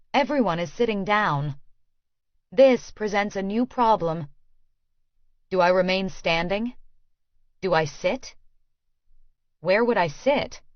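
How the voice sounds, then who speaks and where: A woman narrating an audiobook in the first person, in a slow, hushed, measured voice. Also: medium pitch, no room sound, muffled recording.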